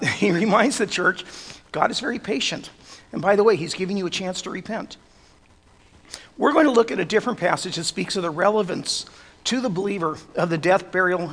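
A man preaching a sermon as pastor, earnest, building to loud emphatic peaks. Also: high voice, vocal fry, breathy edge. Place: church sanctuary. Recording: long reverb of a church hall.

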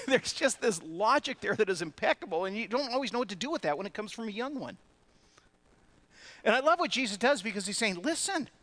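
A male pastor preaching a sermon in an animated way, often laughing between phrases. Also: high voice.

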